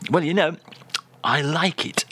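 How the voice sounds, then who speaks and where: A man's voice: fairly high pitch, unhurried, fairly bright tone, breathy edge. Jokey, teasing radio presenter man. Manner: jokey, teasing, mock-exasperated. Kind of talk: comic radio chat.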